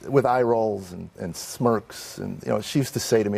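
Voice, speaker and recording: Middle-aged comedian guy in an interview, low gravelly voice, wry self-deprecating storytelling. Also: normal speed, few pauses, a little mellow. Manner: self-deprecating, wry, acts out the people in his stories. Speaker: comedian guest. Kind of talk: candid personal storytelling in an interview.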